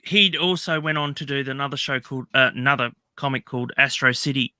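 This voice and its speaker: A man's voice: medium pitch, fast, bright, forceful tone, clear, resonant tone, dry recording. A man hosting a casual chat about films, rambling, laughing often and acting out quotes. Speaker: podcast host.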